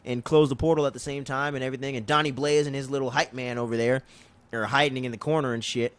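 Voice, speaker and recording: A man with a mid-range voice recaps a show episode in relaxed podcast chat. He tells it loosely and with plenty of swearing. He slips into quick character impressions as he goes. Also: mid-range voice, clear, resonant tone. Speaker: podcast co-host.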